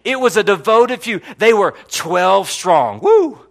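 A man preaching a sermon as pastor, telling a story with many restarts and fillers, his voice dropping low and then rising to loud bursts. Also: animated, unhurried, creaky. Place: church hall.

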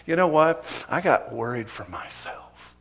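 A middle-aged man preaching a sermon, telling a police story with dramatic swings from loud to hushed. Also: fairly high pitch, lively intonation, a little slow, slightly rough. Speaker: preacher, former police officer.

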